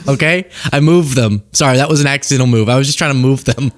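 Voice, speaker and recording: A man's voice: medium pitch, quick pace, no echo. Sarcastic man hosting political commentary. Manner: sarcastic, animated, laughs while talking.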